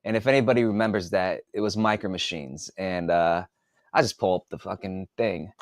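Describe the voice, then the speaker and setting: A man's voice: low-pitched, fairly quick, dry recording, clean studio sound. A man in his forties, an author hosting a podcast, chatting casually in a rambling, profane way and thinking aloud with restarts. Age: 40s. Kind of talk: casual livestream chat.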